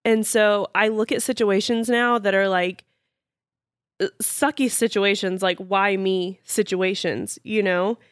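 A woman co-hosting a casual podcast, speaking in a calm, reflective way. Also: medium pitch, measured pace, dry recording, clean studio sound. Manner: calm, reflective, supportive listener.

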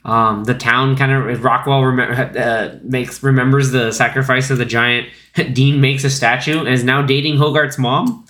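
A man's voice: mid-range voice, flat delivery, moderate pace, hardly any pauses, sharp tone. A man in his thirties hosting a casual podcast chat, talking loosely with lots of fillers and acting out quotes in little put-on voices. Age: 30s. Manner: chatty, acts out lines from the film in quoted voices. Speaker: podcast host.

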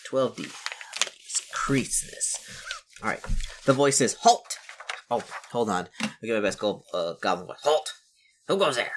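A man's voice: on the low side, unhurried, long pauses, background noise. A man reading a solo fantasy gamebook aloud and musing over his choices in a chatty, self-correcting way. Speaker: solo gamebook player and narrator.

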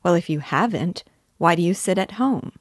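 A playful young girl full of eager, teasing questions, as a woman reads her part. The voice sits low and is recorded close and dry. Her lines are lively and a little impatient. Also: normal speed, dry recording. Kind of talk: audiobook character reading.

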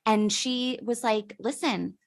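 A woman hosting a podcast in casual conversation, quick to agree and sharing her own stories. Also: a little high, vocal fry. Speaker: podcast host.

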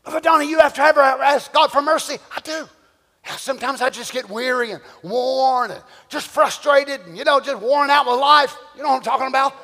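Man, preacher, sermon, animated, rhetorical questions, bright tense voice, long church reverb. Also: very high-pitched, a little fast. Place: church sanctuary.

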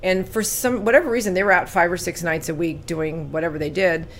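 A woman in her sixties from California, telling her life story as an interview guest, earnest and animated when recounting, quiet at painful moments. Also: on the low side, brisk, slight background noise.

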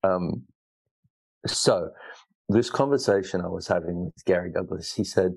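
A man's voice: low voice, measured pace, long pauses, slightly rough, poor audio. A man hosting a solo self-help podcast, talking in an earnest, rambling way with frequent restarts. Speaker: podcast host. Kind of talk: reflective solo podcast talk.

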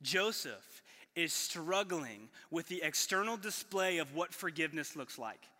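A man delivers a sermon in a casual, energetic way, tossing in slang and restarting sentences as he goes. His voice sits high and sounds very bright. A long reverb trails behind him from the hall. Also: a little slow. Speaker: pastor. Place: church hall.

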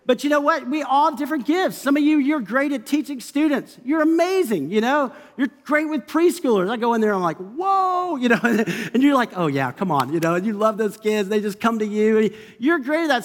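High-voiced pastor preaching in a reverberant hall. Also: male voice. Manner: conversational, animated preaching with asides. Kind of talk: sermon.

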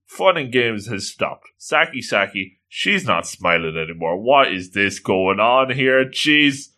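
A man narrating an anime story as casual commentary, with animated, joking asides. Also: on the low side, unhurried, hardly any pauses.

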